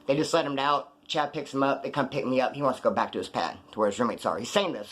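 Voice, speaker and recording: Fast-talking, profane streetwise man. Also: medium pitch, a bit bright. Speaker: storyteller. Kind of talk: casual storytelling monologue.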